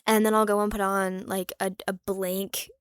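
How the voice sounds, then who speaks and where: A woman's voice: mid-range voice, level tone, moderate pace, clean tone, no room sound, clean studio sound. A young woman vlogging in casual chat, rambling and candid, with lots of fillers and restarts, swearing freely and sometimes dropping to a whisper for asides.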